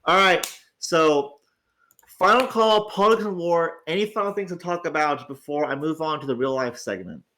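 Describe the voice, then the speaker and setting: A man's voice: a little high, normal speed, pushed and bright. A tired, groggy man hosting a casual livestream, rambling, stammering on restarts and swearing freely. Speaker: host.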